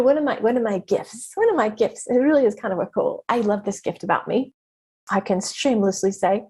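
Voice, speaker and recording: A middle-aged woman hosting her own podcast, telling a story in a lively, conversational way with frequent exclamations and laughter. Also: mid-range voice, husky. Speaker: podcast host and business mentor. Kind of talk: casual solo podcast monologue.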